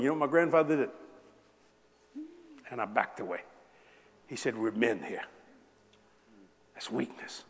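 Older man, 70s, storytelling preacher; lively, slightly high voice, laughs often, long hall reverb. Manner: animated, laughing, acts out quoted voices. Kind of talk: humorous sermon storytelling.

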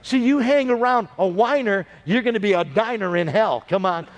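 A pastor with a notably high male voice preaches a sermon at a moderate pace, weaving long anecdotes together expressively. His delivery is loose and conversational, and he keeps turning to the congregation to call for an amen, storytelling-style.

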